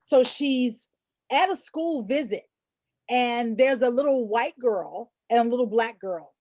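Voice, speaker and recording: A middle-aged woman author speaking on a panel, telling stories with lively, animated delivery. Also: a little high, a little slow, no room sound. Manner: animated storyteller, acts out voices in anecdotes. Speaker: panelist, children's book author and illustrator. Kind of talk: panel discussion.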